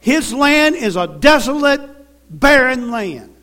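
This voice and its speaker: A man's voice: extremely high pitch, sing-song, takes it slowly, bright, forceful tone. A man with a Southern US accent preaching a sermon in a church, telling folksy stories and calling for amens. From American South. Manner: folksy storytelling with call-and-response.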